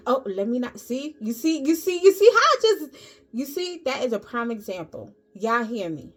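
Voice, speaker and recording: A woman's voice: a little high, sing-song, moderate pace, faint music behind. A woman giving a casual motivational talk to her viewers, emphatic and preachy, repeating phrases. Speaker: vlogger.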